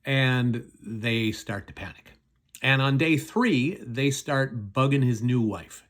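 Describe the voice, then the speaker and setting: A man's voice: medium pitch, slow pace. Folksy man retelling a Bible story. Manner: chatty, folksy retelling with many fillers. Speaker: pastor. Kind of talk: casual Bible storytelling lesson.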